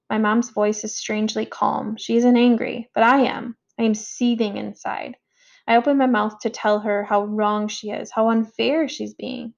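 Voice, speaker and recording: A woman reading a first-person story aloud as an audiobook narrator, in a measured, reflective way. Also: a little high, little pitch movement, creaky, muffled recording.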